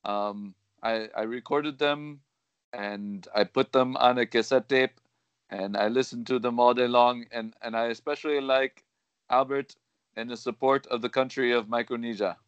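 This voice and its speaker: A man voicing a fawning male caller from a Pacific island, in a put-on foreign accent, halting with many "uh"s. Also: mid-range voice, fairly even intonation, clear, resonant tone, dry recording, lo-fi sound, close to an everyday voice. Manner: hesitant, halting, full of "uh".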